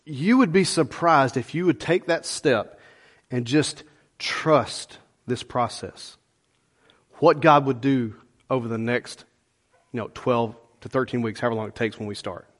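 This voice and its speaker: A middle-aged man preaching a sermon as pastor, conversational and animated, with folksy asides to the congregation. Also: mid-range voice, a little slow.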